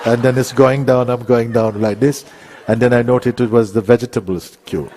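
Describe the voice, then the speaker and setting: A man speaking as a spiritual teacher to a live audience, telling a gentle story with frequent chuckles. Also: mid-range voice, steady tone, normal speed, slight background noise. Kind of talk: relaxed satsang talk.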